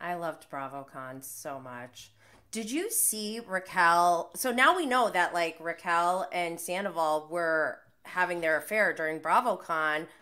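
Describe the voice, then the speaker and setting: A woman hosts a relaxed podcast conversation and keeps chiming in eagerly with short reactions and questions. Her voice sits a little low for a woman but sounds bright and forward. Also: unhurried. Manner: brief eager interjections. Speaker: podcast host. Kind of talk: casual chat.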